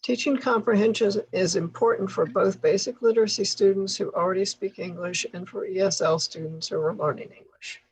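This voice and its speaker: A woman leading a tutor training workshop, explaining things patiently with occasional soft laughs. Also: mid-range voice, steady tone, fairly quick, few pauses, breathy edge, rough recording. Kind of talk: workshop instruction.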